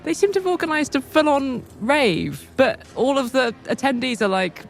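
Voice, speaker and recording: A woman co-hosting a news podcast, talking in a lively, expressive way and laughing often. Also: high-pitched, normal speed, vocal fry, faint music behind. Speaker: podcast co-host. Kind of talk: casual news chat.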